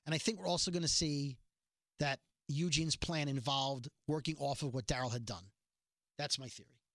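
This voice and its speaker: Recapping a TV episode on his podcast, this man keeps things casual and animated, slipping into quick voices for each quote. He has a mid-range voice, captured dry and clean in a studio.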